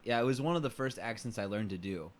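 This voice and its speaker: A man's voice: fairly low pitch, expressive, fast. A man co-hosting a podcast in casual chat, joking and laughing often, with many fillers. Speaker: podcast co-host.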